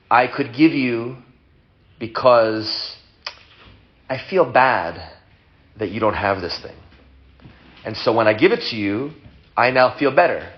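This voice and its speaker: A man teaching a casual Torah class to students, playful and chatty as he explains ideas and answers questions. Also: mid-range voice. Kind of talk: informal Torah lesson with questions. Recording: dull lo-fi sound with loud hiss.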